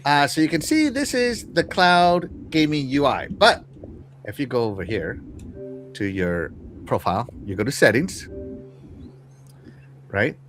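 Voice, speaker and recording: A man's voice: medium pitch, big pitch swings, unhurried, long pauses, a bit bright, slight background noise. A man hosting a casual live-stream show, talking to his chat with lots of fillers and restarts. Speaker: podcast host.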